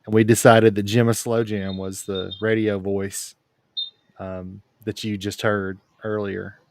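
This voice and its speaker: A man's voice: lowish voice, little pitch movement, a little slow, a little hiss or hum. A man hosting a casual livestream, bantering with dry jokes and rambling asides. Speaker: livestream host. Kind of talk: casual chat.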